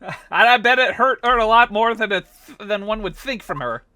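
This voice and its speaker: A woman's voice: on the high side, normal speed, bright, forceful tone, no echo, faint music behind. A woman streamer making joking, giggly asides while playing a game. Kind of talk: let's play commentary.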